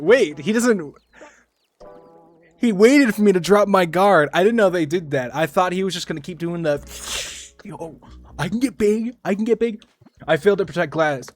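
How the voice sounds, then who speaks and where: A man chatting casually on a gaming livestream, rambling, joking and swearing. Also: fairly high pitch. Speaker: streamer.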